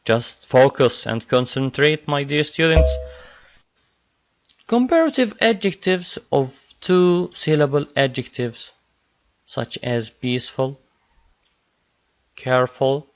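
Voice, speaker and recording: Slow-talking male English teacher. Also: mid-range voice, animated. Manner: slow, repetitive drilling of word pairs. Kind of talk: classroom grammar lesson. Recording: dull lo-fi recording.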